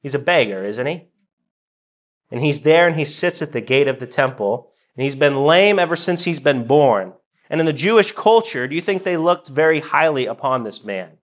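A middle-aged man, a pastor delivering a sermon in a soft-spoken, conversational way. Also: mid-range voice.

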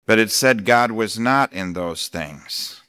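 A man preaching a sermon as pastor, speaking deliberately and emphatically, slowing down to read scripture. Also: fairly low pitch, pushed and bright, clean tone, no echo, studio quality.

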